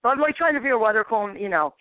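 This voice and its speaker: A high-voiced woman rambles through a ghost story as a guest on a phone-in interview. She keeps slipping into quoted back-and-forth, full of "I'm like" and "he goes". Her voice comes through a thin, dry phone line. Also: expressive, rapid-fire, no room sound. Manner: rambling, acts out dialogue with "I'm like". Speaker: paranormal investigator guest.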